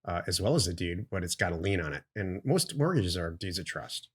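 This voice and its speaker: Low-voiced middle-aged man co-hosting a podcast. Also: expressive, a little fast, slightly rough. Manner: explains plainly, blunt opinions. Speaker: podcast co-host. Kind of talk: casual business podcast chat.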